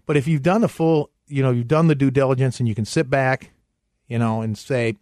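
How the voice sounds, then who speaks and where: A man's voice: steady tone, a little mellow, dry recording, studio quality. Male financial radio host. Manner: upbeat pitch, repeats phone number slowly. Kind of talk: financial radio show talk.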